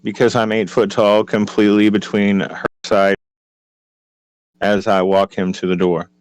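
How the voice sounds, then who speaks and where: A man's voice: on the low side, little pitch movement, measured pace, clear, resonant tone, no room sound, rough recording. A man playing a tabletop game, chatting casually and describing his character's actions. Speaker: player.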